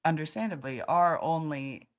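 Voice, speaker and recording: A young woman with a slightly low voice co-hosts a podcast. She chats eagerly and rambles, restarting her sentences as she goes. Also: moderate pace, muffled recording. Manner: chatty, enthusiastic, rambling restarts. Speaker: podcast co-host. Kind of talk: casual chat.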